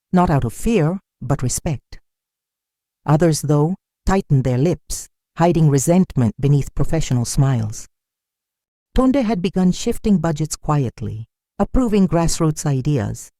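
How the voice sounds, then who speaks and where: Story narrator, mellow tone, animated delivery, dry close sound. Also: mid-range voice, no echo.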